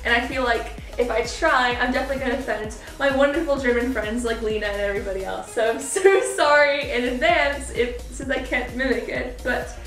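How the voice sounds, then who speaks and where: A woman's voice: high-pitched, a little fast, few pauses, a bit bright, distant mic. A young woman, a college student, chatting casually through a cosplay tutorial, giggling often and using lots of "like" fillers. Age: young adult. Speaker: cosplay vlogger. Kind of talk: casual makeup and costume tutorial. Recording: roomy echo, voice away from the mic, faint music.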